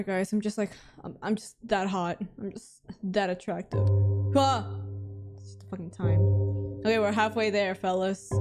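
Female streamer, mid pitch, slow delivery, theatrical scared reactions during gameplay commentary. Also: a little mellow. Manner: jumpy, dramatic reactions with frequent laughs; talks to chat. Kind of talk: live game commentary.

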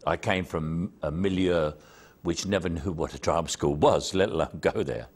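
A man's voice: sits low, normal speed, a little mellow, slightly rough. An older man with a Cockney accent, an actor telling anecdotes about his career in an interview, self-deprecating and full of stories. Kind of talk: reminiscing interview.

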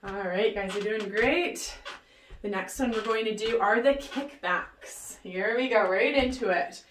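A fitness instructor leads a workout and exercises along, upbeat and cheering with whoops and countdowns. Her medium-pitched voice is a little slow. The room is roomy, she sits distant from the mic, and there is a little hiss or hum.

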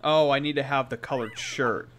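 A man's voice: medium pitch, normal speed, fairly bright tone, slight background noise. A young man casually commenting while playing, easygoing and a little hesitant. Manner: easygoing, hesitant, restarting sentences. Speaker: co-host playing the game.

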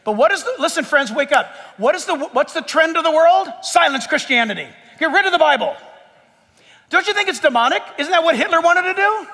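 A man's voice: very high-pitched, animated, a little fast, pushed and bright, big-room sound. A male pastor preaching an impassioned sermon to his church, full of emphatic rhetorical questions and jokes. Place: church sanctuary.

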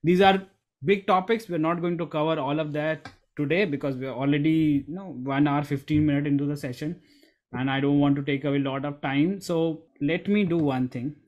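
A man's voice: a little high, fairly even intonation, a little fast, dull audio. A middle-aged man, coaching an online group on a video call, stressing key words, repeating himself and calling on participants by name. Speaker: storytelling coach. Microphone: desk USB microphone.

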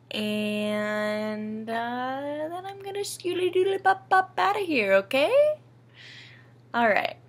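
Bright-voiced young woman vlogging emotionally. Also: medium pitch. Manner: emotional, rambling, swears freely. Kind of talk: casual personal vlog.

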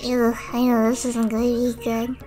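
A woman's voice: a little high, completely flat delivery, normal speed, mellow, faint music behind. Chatty female game streamer. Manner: chatty, thanks viewers, reads game text aloud. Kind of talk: casual gameplay commentary.

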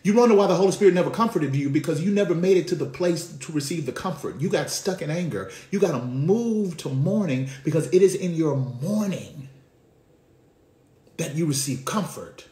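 A man preaching from the pulpit in a conversational, slangy style. His voice sits a little high and drops to a hush before rising to shouted call-and-response. The sound echoes around a reverberant room. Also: animated, normal speed. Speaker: pastor. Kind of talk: sermon.

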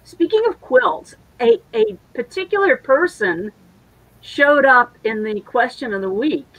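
A woman's voice: sits high, sing-song, measured pace, a bit bright, no room sound, low-quality recording. Chatty, jokey woman co-host. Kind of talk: casual livestream chat.

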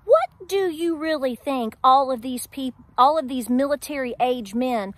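A middle-aged woman with an Appalachian accent holds forth to her audience, firing off rhetorical questions and driving her points home with insistent repetition. Her voice sits high, and the recording is close and dry, with no room sound around her. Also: measured pace, dry recording. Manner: preachy, emphatic, rhetorical questions to viewers. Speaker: homestead vlogger. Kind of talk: candid talk to camera.

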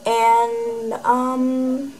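A teenage girl chats to her camera at home in a fairly high voice. She rambles, drops "like" everywhere and leans on dry sarcasm. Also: level tone, extremely slow, darkish tone, low-quality recording. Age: teens. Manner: rambling and sarcastic, heavy use of "like". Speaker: vlogger. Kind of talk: casual chatty vlog. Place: room at home, indoors. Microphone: camera facing her.

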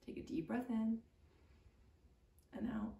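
A young woman leads a yoga class at an even, middle pitch, guiding each breath and stretch in a calm, soothing voice. She is recorded from a little way off the mic, and the room gives her voice a clear echo. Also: takes it slowly. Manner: calm, gentle, soothing guidance with light laughs. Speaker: yoga teacher. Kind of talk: guided yoga instruction. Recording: echoey room, mic at a distance.

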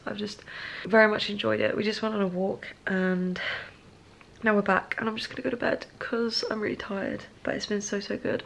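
A woman's voice: medium pitch, creaky, fairly bright tone, a little hiss or hum. A woman in her twenties, chatty and bubbly, talking casually to the camera in a personal vlog. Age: 20s. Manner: bubbly, chatty, laughs often. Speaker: vlogger.

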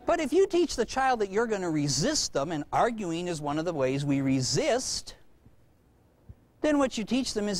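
A man lecturing parents in a humorous, animated way, acting out bits of dialogue between parent and child. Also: high-pitched, normal speed.

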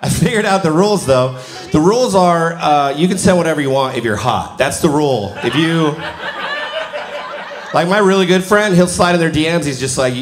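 A man's voice: mid-range voice, animated, normal speed, long pauses. A man in his forties performing a stand-up comedy set in a live venue, telling stories and acting out quotes in a conversational way. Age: 40s. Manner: conversational storytelling with acted-out quotes. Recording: roomy live venue with loud audience noise.

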